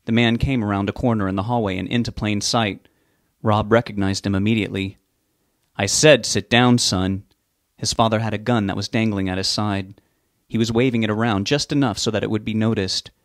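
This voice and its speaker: A man narrating a novel aloud, reading in a plain, steady storytelling manner. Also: lowish voice, fast talker, no room sound, clean studio sound.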